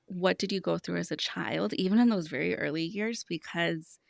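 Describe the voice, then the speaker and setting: A woman in her thirties talks through money habits as a podcast guest, in a low voice with a gravelly edge. She explains earnestly and tells stories from her coaching. The sound is dry and close. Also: dry recording. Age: 30s. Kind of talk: casual podcast conversation.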